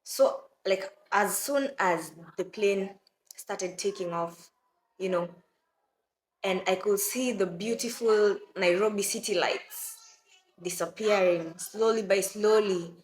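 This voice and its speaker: A woman's voice: medium pitch, takes it slowly, reverberant. Kenyan woman vlogger telling a story. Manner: animated, addresses viewers as "guys", acts out quotes. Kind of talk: casual storytelling to camera.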